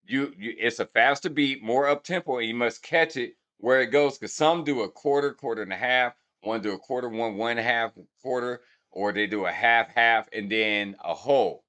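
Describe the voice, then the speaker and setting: Speaking at normal speed with few pauses, a man with a medium-pitched, pushed, bright voice hosts a hip hop breakdown channel. His casual, brash commentary goes directly to viewers, and he counts beats aloud to explain rhythm.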